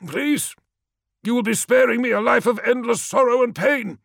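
A man puts on a cold, scheming sorcerer warrior who snaps back in a raised, strained voice. His tone is pitched well above the narrator's own and sounds gravelly. It is recorded dry and close for an audiobook. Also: normal speed, no room sound, heavily acted. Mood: bitter. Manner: sharp, snapping retorts.

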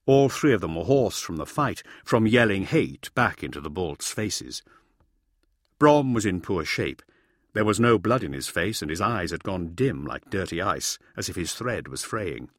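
A man's voice: deep voice, big pitch swings, normal speed, fairly bright tone, no echo, clean studio sound. A man narrating a fantasy audiobook with vivid, dramatic storytelling.

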